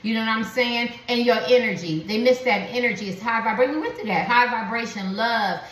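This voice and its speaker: A woman's voice: fairly high pitch, fairly quick, a bit bright, recorded from a distance. A woman giving a spiritual tarot reading to her viewers, rambling and repetitive with lots of slang and fillers. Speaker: tarot reader. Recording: echoey room, voice set back from the mic.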